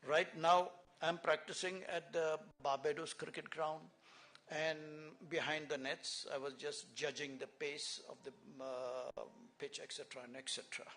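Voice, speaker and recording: A man's voice: a little high, level tone, normal speed, a bit bright. Older Indian man telling rambling stories. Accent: Indian English. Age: 70s. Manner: rambling storyteller with many fillers and restarts, chuckling. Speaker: guest speaker, former cricketer. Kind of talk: anecdotal speech at a symposium. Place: conference hall, live event.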